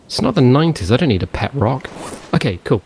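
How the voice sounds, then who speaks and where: Talking fast and very animated, this gaming channel host rambles through casual let's play commentary, basically chatting to himself about his gameplay. His voice is medium in pitch, creaky, and darkish in tone, with slight background noise.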